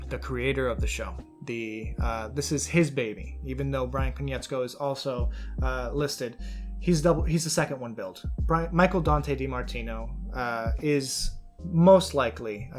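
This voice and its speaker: A man hosting a commentary video, talking casually with fillers and restarts as he reads out and reacts to a letter. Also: mid-range voice. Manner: conversational with frequent fillers and restarts.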